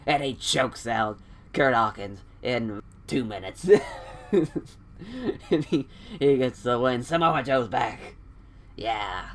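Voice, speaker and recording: A man spinning a made-up wrestling story in a relaxed, rambling way, laughing at his own jokes. He talks slowly at a middle pitch. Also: slight background noise. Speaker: fantasy wrestling show narrator. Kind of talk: casual storytelling.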